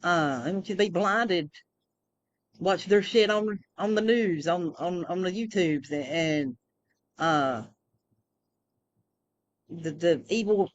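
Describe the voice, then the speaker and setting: A woman's voice: on the low side, takes it slowly, long pauses, lo-fi sound. Rambling woman telling a story. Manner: rambling, many fillers and restarts. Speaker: vlogger. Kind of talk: casual personal monologue.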